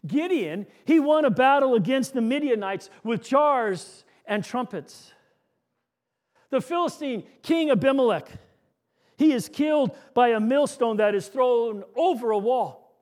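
A man preaching a sermon, telling stories and dropping to a soft hush on key lines. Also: very high-pitched, animated, unhurried.

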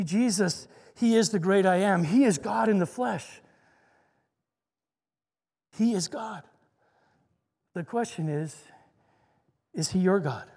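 High-voiced preacher man, echoing reverb. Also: a little slow, long pauses, mellow. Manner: earnest, repeats phrases for emphasis. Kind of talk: sermon. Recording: long reverberant echo.

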